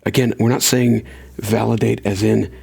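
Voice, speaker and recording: A man's voice: on the low side, flat delivery, moderate pace, vocal fry, darkish tone, slightly rough. A man hosting a solo podcast, talking in an earnest, conversational way and shifting his pace for emphasis. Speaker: podcast host.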